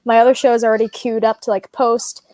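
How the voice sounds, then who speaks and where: A woman's voice: a little high, level tone, brisk, darkish tone, no room sound. A young woman guesting on a casual livestream chat, rambling and giggly. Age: young adult.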